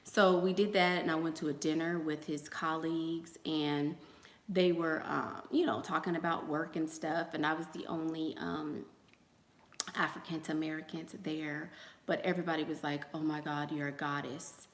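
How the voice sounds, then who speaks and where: A woman's voice: deep voice, level tone, normal speed, reverberant. A woman hosting a casual livestream, chatting with viewers and telling gossipy stories full of asides and fillers. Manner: chatty, gossipy storyteller who acts out quotes; frequent fillers and trailing asides. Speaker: host.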